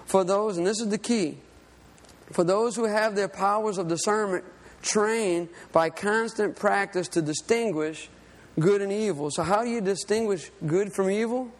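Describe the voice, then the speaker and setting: A man's voice: sits high, moderate pace, big-room sound. A man preaching a sermon, telling a personal story in an earnest, conversational way. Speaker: lay preacher and fishing guide.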